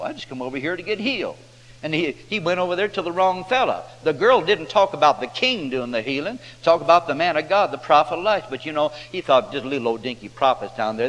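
A man's voice: medium pitch, a bit bright. A man preaching a folksy sermon, telling a Bible story and putting on the voices of its characters in a drawling, homespun way. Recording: hall reverb with faint hum.

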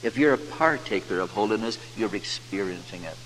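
A man's voice: on the low side, lively intonation, a bit bright. Preaching man in a reverberant hall. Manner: preaching with scripture quotes, slowing for emphasis. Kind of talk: sermon. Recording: reverberant hall, faint hum.

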